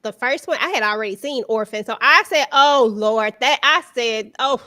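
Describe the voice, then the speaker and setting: Chatty, bright-pitched woman on a stream. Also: normal speed. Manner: chatty, storytelling. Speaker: guest co-host. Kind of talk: live-stream casual chat.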